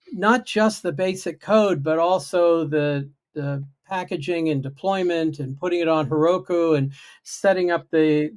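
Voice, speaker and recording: A guest programmer chats casually on a video-call livestream, explaining his project in a self-deprecating way. His voice is a little high and a little mellow.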